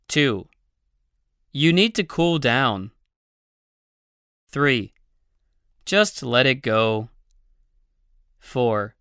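A reader slowly and deliberately voicing English classroom phrases for a language-learning audio book, pausing between each one. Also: medium pitch, pushed and bright, clear, resonant tone, dry recording, clean studio sound. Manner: slow, deliberate reading with pauses between phrases.

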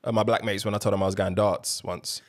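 A man's voice: fairly low pitch, little pitch movement, fast talker. A young man co-hosting a podcast in casual chat, teasing and laughing with his friends. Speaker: podcast co-host.

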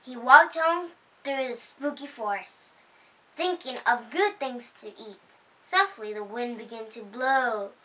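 Bright, slow woman reading a picture book. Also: a little high, distant mic, poor audio. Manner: slow, expressive reading with voiced character lines. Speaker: storyteller host. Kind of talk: children's picture book read-aloud.

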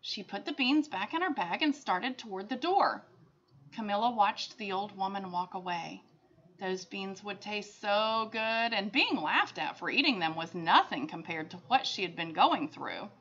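Expressive teacher reading a picture book. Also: female voice, mid-range voice, a little slow. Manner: expressive, chatty asides to children. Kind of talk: picture book read-aloud for children. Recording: dull lo-fi sound.

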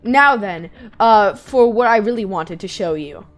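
A woman voicing a sinister, calm male villain inventor, reading game dialogue aloud in a smooth, hushed, menacing tone. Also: medium pitch, measured pace, natural voice. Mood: smug.

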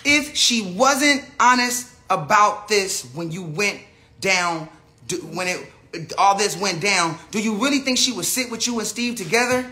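An American man rants on a casual phone livestream from an indoor room with a big screen, rambling with lots of slang, profanity and restarts, and says he is high. His voice is high and sharp, his pace a little slow.

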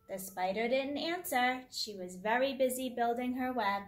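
A woman's voice: a little high, measured pace, hardly any pauses. A woman hosting story time for young children, reading a picture book aloud in a sing-song teacher voice and making the animal sounds.

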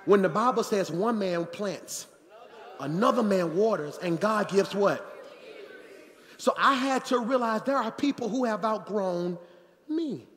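Man, pastor, high voice, animated sermon, call-outs to the crowd, long church reverb. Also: a little slow. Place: church sanctuary.

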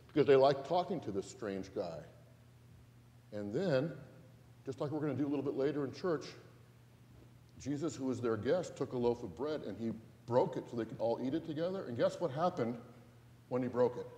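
A man pastor leads a playful children's sermon in a big church sanctuary, asking the kids questions and getting them up and moving. He speaks a little fast in an expressive, medium-pitched voice with a dark tone, recorded in an echoey hall.

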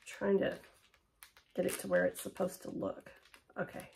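Middle-aged woman, casual haul vlogger, gravelly fry. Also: lowish voice, level tone, normal speed, darkish tone, slight background noise. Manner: chatty, upbeat, drops to a near whisper for close-ups. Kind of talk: casual chat unboxing and try-on.

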